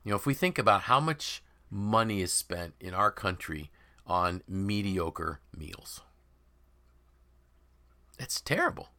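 A man hosting a podcast, talking in an emphatic, animated way and voicing imagined people's quotes. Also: low voice, slow pace, pauses often. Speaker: podcast host and author. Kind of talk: conversational podcast discussion.

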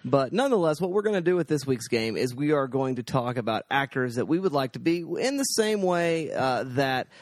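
A man's voice: medium pitch, sing-song, a little fast, hardly any pauses, dry recording, clean studio sound. A man co-hosting a podcast in casual chat, laughing often and restarting his sentences. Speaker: podcast co-host.

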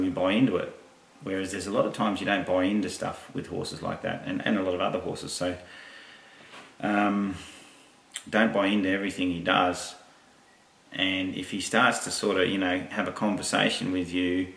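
A man who trains horses, giving a calm, rambling lesson with quoted asides. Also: low-pitched, gravelly. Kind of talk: instructional talk. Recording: echoey, distant mic.

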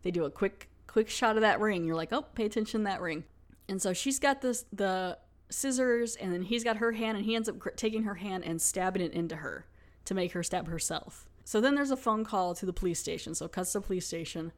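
A woman's voice: medium pitch, fairly quick. A woman hosting a podcast, recapping a TV episode in a chatty, casual way full of fillers. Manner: chatty, lots of "like". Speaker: podcast host.

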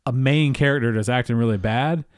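A man's voice: mid-range voice, brisk, no room sound, clean studio sound. A man co-hosting a casual podcast, blunt and opinionated, often laughing at his own jabs. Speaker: podcast co-host. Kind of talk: casual chat.

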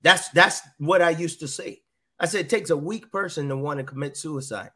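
A man's voice: on the high side, moderate pace, sharp tone. A middle-aged man giving an earnest personal testimony as a podcast guest, often repeating his phrases. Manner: earnest, repeats phrases, quotes voices in dialogue.

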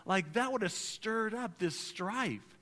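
A man preaching a sermon as pastor, telling stories in an animated way and acting out the voices of the people in them. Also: high-pitched, takes it slowly. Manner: storytelling, animated, acts out quoted voices. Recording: reverberant hall.

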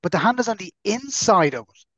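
A man's voice: sits high, sing-song, a little fast, fairly bright tone, no room sound, lo-fi sound. A man, co-hosting a podcast and ranting chattily, joking as he goes. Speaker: podcast co-host. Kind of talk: casual chat.

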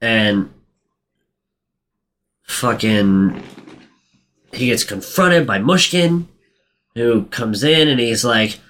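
Animated man retelling a film, swearing. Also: slow pace, pauses often. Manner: animated storyteller, swears, acts out quotes in a high voice. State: sore throat. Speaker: podcast co-host recapping a film. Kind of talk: casual chat.

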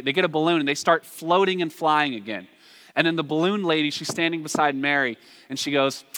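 A man's voice: fairly high pitch, sharp tone, no echo. A man with a Southern US accent preaching a sermon in a conversational way, asking the listeners rhetorical questions.

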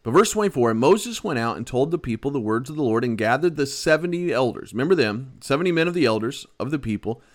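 A man's voice: medium pitch, quick pace, hardly any pauses. Man preaching a Bible sermon. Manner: reads old scripture aloud, then retells it in lively everyday words.

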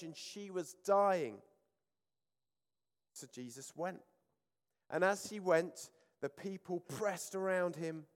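A man preaching a sermon, reading scripture aloud with rising emphasis and then explaining it in calm, conversational reflection. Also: high-pitched. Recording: church hall with long reverb.

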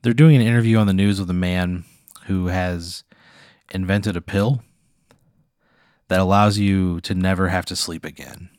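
A man's voice: low-pitched, fairly even intonation, moderate pace, pauses often, a little mellow, no echo, clean studio sound. A man co-hosting a comedy podcast, rambling through an absurd improvised hypothetical. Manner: rambling, building an absurd scenario.

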